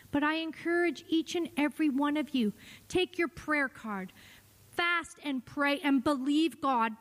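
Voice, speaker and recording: High-voiced woman preaching in a reverberant church. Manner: impassioned preaching, voice swinging between hushed and rising. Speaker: pastor. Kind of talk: sermon. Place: church sanctuary. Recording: long reverb of a church hall.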